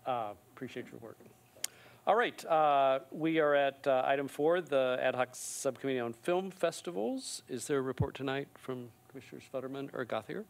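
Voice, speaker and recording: A man chairing a city commission meeting, brisk and chatty with a joking side. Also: mid-range voice, vocal fry.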